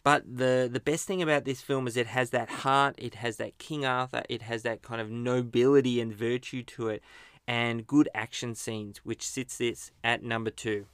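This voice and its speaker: Casting: a casual host, with a clean, smooth voice recorded dry on a close mic. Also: male voice, medium pitch, fairly even intonation, normal speed, fairly bright tone, no echo. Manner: chatty, chuckles at his own slips. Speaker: podcast host. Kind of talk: casual movie countdown commentary.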